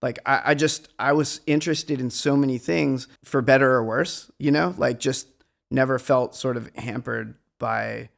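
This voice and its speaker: A man's voice: mid-range voice, steady tone, normal speed, vocal fry. A middle-aged man, a guest musician, talking in a meandering, reflective and self-deprecating way in a casual conversation.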